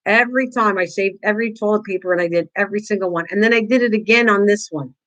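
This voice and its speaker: A woman's voice: medium pitch, fast talker, a bit bright, rough recording. An older woman hosting a casual live-stream craft tutorial, chatting with viewers, teasing them and laughing often.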